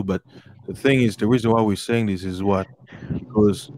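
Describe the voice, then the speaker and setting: Slow, deliberate low-voiced man coaching. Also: steady tone, darkish tone, slight background noise. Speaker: group member giving advice. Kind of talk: casual voice chat.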